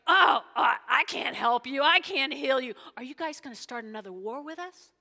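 Woman playing a panicky male king, frantic, high-pitched, echoey hall. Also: animated, fast talker, natural voice. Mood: panicked.

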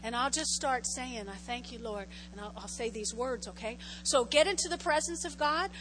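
A woman pastor giving a conversational sermon in a church, often checking in with "okay?", and moving from loud prayer to a soft invitation. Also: high voice, normal speed, background noise. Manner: conversational, repeats phrases, frequent "okay?" check-ins. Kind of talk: sermon with altar call.

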